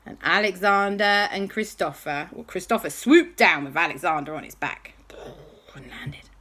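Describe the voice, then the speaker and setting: A woman telling an animated, playful bedtime story. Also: fairly low pitch, normal speed.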